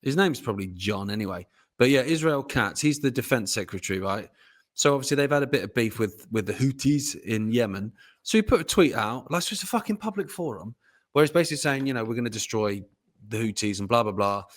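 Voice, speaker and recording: A man's voice: medium pitch, lively intonation, fast. A man co-hosting a podcast, blunt and mocking, who swears in casual chat. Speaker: podcast co-host.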